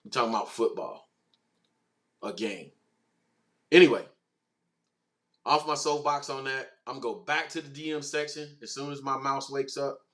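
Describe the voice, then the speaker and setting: A man hosting a casual sports livestream, talking in an animated, slangy way and answering chat comments. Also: mid-range voice, moderate pace, pauses often. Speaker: host.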